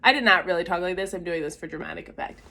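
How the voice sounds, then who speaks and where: A woman's voice: on the low side, racing, creaky, pushed and bright. A young woman telling a personal faith story in a casual, chatty way, with lots of fillers and acted-out quotes. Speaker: vlogger sharing a faith story.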